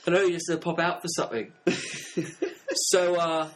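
A man's voice: on the high side, flat delivery, moderate pace, a little hiss or hum, rough recording. A man co-hosting a film podcast, chatting casually and playfully, laughing often. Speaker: podcast co-host.

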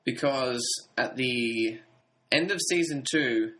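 A man in casual conversation, calmly explaining story details and hedging with "I think". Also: medium pitch, slow. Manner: explains plot points steadily, hedging with "I think". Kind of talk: casual podcast chat about a TV drama.

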